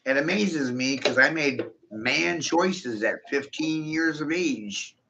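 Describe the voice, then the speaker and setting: Man, slow drawl, gravelly voice, boastful, mocking, frequent laughter, dull lo-fi sound. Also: a little high, noisy background. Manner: boastful and taunting, laughing often, crude swearing. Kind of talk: rambling monologue to camera.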